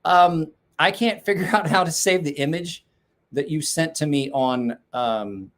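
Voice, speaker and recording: Slightly slow, a bit bright and on the high side, the voice belongs to a forties-aged man hosting a knife-sharpening podcast from his home garage. He rambles, swears and laughs frequently.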